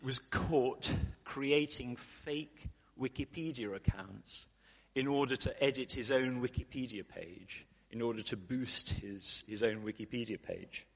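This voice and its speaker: A man preaching a sermon in a relaxed, conversational way, with fillers and asides to the congregation. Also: mid-range voice, unhurried. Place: church hall. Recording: long hall reverb.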